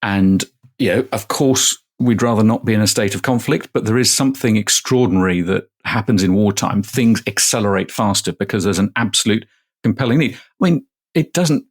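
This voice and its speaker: Husky low-voiced professor explaining. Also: male voice. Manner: explains step by step with everyday examples, repeats words as he thinks. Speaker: guest, manufacturing professor. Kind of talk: casual explanatory interview answers.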